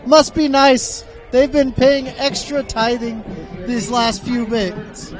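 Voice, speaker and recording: A man in his thirties with a very high voice comments on a football game. He tosses in joking, wry remarks. He speaks from a stadium press box. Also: steady tone, takes it slowly, over music. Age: 30s. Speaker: color commentator.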